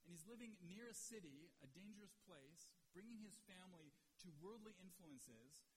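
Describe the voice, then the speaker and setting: A man with a high voice preaches to his congregation. He is emotional and moves between loud urging and near-hushed passages. His voice carries a long reverb, with a faint hiss behind it. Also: lively intonation, normal speed. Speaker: pastor. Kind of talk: sermon.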